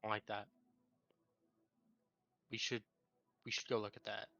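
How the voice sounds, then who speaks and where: A man's voice: fairly low pitch, little pitch movement, normal speed, gravelly, pushed and bright, lo-fi sound. A man playing in a tabletop game, talking in a matter-of-fact way. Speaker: player. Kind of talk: tabletop role-play chat.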